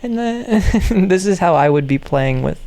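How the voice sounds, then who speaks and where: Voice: medium pitch, brisk, vocal fry, darkish tone. A speaker giving rambling, jokey reaction commentary on toys, repeating phrases with ironic asides. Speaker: video maker reacting to toy content.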